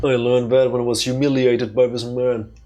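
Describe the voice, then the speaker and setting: A man voicing a vengeful male hybrid villain in a put-on Southern American drawl, slow, grim and menacing. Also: medium pitch, level tone, warm tone, faint music behind, natural voice.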